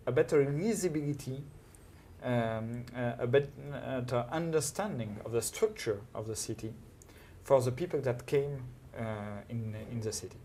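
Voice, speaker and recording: A man from France with a French accent, a French native speaker, an urban planner answering an interview question slowly and hesitantly, with many filler sounds. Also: mid-range voice, mellow, a little hiss or hum.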